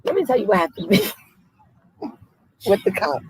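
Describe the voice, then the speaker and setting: A man in a casual podcast chat, telling an anecdote in relaxed slang with laughs. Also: sits high, unhurried, slightly rough, rough recording.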